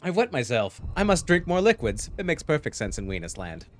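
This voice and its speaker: A man's voice: on the high side, wildly swooping pitch, a little fast, soft background music. A man casting a live video game match, with goofy, jokey asides between calls. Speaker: esports caster.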